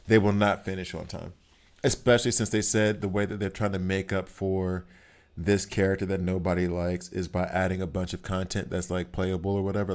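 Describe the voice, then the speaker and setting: A man giving live commentary on a game he is playing, talking to the characters on screen and reacting out loud. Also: deep voice. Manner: excitable, talks to the game characters. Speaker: gaming streamer.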